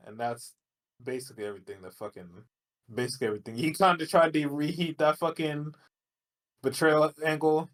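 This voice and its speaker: A man's voice: a little high, fairly quick. A man co-hosting a podcast, summing things up in casual, profane chat. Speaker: podcast co-host.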